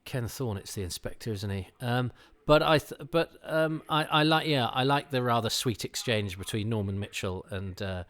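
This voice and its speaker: A man's voice: medium pitch, normal speed, few pauses, a bit bright. Rambling, enthusiastic man doing commentary. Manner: enthusiastic, digressive, many fillers and restarts. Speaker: podcast host. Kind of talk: rambling commentary over an old TV episode.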